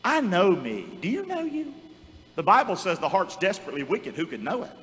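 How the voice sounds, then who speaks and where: Animated pastor preaching in church. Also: male voice, sits high, brisk. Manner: preaches with rising shouts and repeated calls to the congregation. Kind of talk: call-and-response sermon. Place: church sanctuary. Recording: reverberant church hall.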